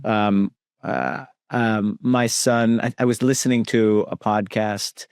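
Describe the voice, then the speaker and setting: A man's voice: lowish voice, steady tone, slow, darkish tone, smooth, no echo, studio quality. A man hosting a podcast interview, talking casually with many fillers and restarts. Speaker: podcast host.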